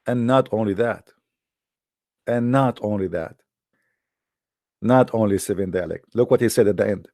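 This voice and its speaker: A man's voice: on the low side, moderate pace, long pauses, dark tone, no echo, clean studio sound. A man delivering an argumentative monologue in non-native English, full of sarcasm and rhetorical questions aimed at his listeners. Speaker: presenter of religious debate videos.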